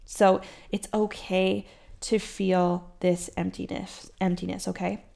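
A woman's voice: lowish voice, flat delivery, takes it slowly, gravelly, dark tone. A woman fertility coach talking to listeners in a casual podcast monologue, reassuring and conversational, often acting out their anxious inner voices.

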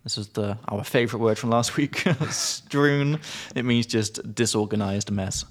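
A young man co-hosting a podcast, explaining vocabulary in a relaxed, giggly way and slowing down to spell out each word. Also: fairly low pitch. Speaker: podcast co-host, English teacher. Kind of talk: casual chat explaining vocabulary.

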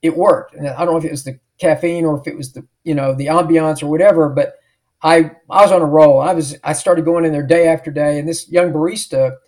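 High-voiced emphatic male storyteller. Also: steady tone, a little fast, darkish tone. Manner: emphatic storyteller who acts out remembered dialogue. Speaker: author and podcast guest. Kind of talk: storytelling in an interview.

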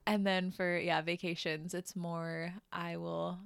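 A young woman speaks softly and haltingly, pausing as she searches for words. Her voice sits fairly low for a woman. The sound is dry and close, with no room echo. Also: flat delivery, vocal fry, clear, resonant tone. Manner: soft-spoken, hesitant, slow, halting. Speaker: podcast guest, host's wife. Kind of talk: casual conversational podcast.

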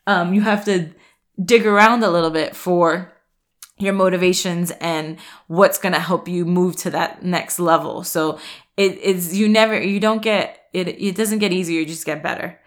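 Frank, chatty woman coach. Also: medium pitch. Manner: chatty, frank, laughs and swears, many restarts. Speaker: happiness and nutrition coach. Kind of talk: casual motivational talk.

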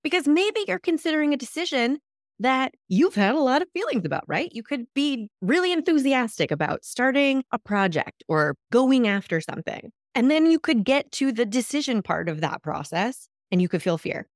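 Woman hosting a lively self-help podcast. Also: sits high, normal speed, dry recording, clean studio sound. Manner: lively coaching tone, acts out imagined reactions. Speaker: podcast host.

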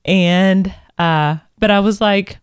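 A woman's voice: mid-range voice, steady tone, slow pace, clear, resonant tone, dry recording. Kentucky woman podcast co-host, rambling self-deprecating chat, a touch unwell, dry close mic. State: not fully well. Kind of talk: casual chat.

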